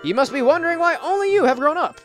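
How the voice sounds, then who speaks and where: A man voicing a cheerful little talking tree sprout from a video game, in a bright, loud, chirpy put-on voice. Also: very high voice, animated, quick pace, faint music behind, pitched above the performer's own voice. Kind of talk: playful voice reading of game text.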